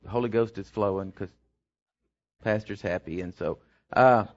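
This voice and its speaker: A man's voice: on the low side, moderate pace. A middle-aged man, a pastor telling a rambling story in his sermon that builds into emphatic preaching. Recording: dull lo-fi sermon recording.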